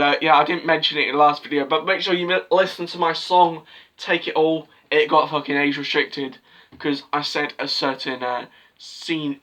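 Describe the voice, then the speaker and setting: A man, chatting casually to camera in an excitable, rambling way and swearing freely. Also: fairly high pitch. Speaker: football vlogger. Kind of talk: casual solo video chat.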